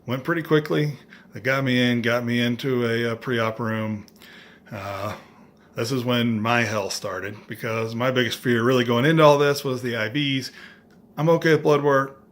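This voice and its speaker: A man's voice: medium pitch, moderate pace. Man telling a story with dry humor. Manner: animated, acts out others' lines; dry, self-mocking humor. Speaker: vlogger. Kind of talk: casual storytelling.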